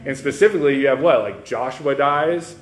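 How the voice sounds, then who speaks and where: A man teaching a Bible class in a casual lecture style. He peppers his talk with "like" and "right?", and reads verses aloud before explaining them. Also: fairly quick. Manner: conversational, lots of "like" and "right?" check-ins; animated, pitch jumping up on questions.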